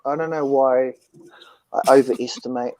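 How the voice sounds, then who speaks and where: A man's voice: mid-range voice, steady tone, normal speed, a little mellow, no echo, low-quality recording. Rambling man in his forties on a phone. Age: 40s. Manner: chatty, rambling, hesitant. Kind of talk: casual chat.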